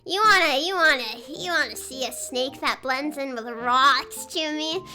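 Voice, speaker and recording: A woman streamer chatting casually, excitable and giggly, rambling as she reacts to videos. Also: high voice, measured pace. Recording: faint music behind.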